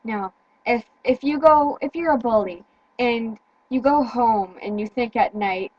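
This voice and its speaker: A teenage girl in casual chat, speaking earnestly with halting restarts and repeated words. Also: on the high side, darkish tone, slightly rough, no room sound, highs cut off. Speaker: teen vlogger.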